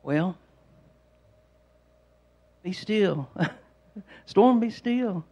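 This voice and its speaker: A man voicing a calm teacher who quiets a storm and gently scolds his friends, in a sermon. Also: extremely high pitch, unhurried, vocal fry, husky, lo-fi sound, full character voice.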